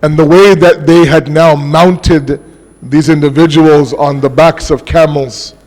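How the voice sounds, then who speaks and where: A man giving an impassioned mourning sermon as a majlis speaker, slowing his words for emphasis. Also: a little high, fairly even intonation, a little mellow. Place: large mosque hall. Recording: long mosque hall reverb.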